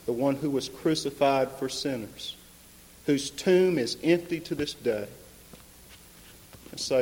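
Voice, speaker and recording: A man preaching an impassioned sermon, building to loud emphatic peaks. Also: medium pitch, slow pace, pauses often, a little hiss or hum. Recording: long reverb of a large hall.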